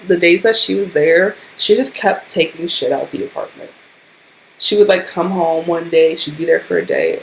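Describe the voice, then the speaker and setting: Young woman, storytime vlog, low voice, gravelly, animated, profane. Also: slight background noise. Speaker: vlogger.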